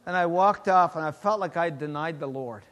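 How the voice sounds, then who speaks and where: A middle-aged man with a fairly high voice preaches at a moderate pace, telling his personal testimony. His sermon alternates animatedly between loud exclamations and hushed asides.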